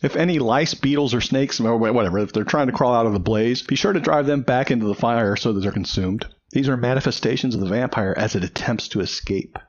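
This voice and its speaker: A man's voice: medium pitch, fast, few pauses. A man co-hosting a casual podcast, reading out lore in a dry, teasing way. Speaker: podcast co-host. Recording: dull lo-fi sound.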